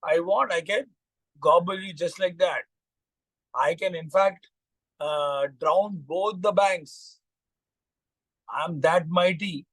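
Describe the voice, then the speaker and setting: A man's voice: high-pitched, slow pace, pauses often, no echo, low-quality recording. A boastful mighty river, voiced by an Indian man. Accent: Indian English. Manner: boastful, dismissive. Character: mighty boastful river, mocking then proud.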